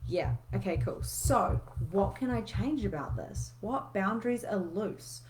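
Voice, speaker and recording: A woman's voice: medium pitch, lively intonation, a little slow, darkish tone. A woman, coaching in a casual, candid live session where she swears freely and reads out viewer comments.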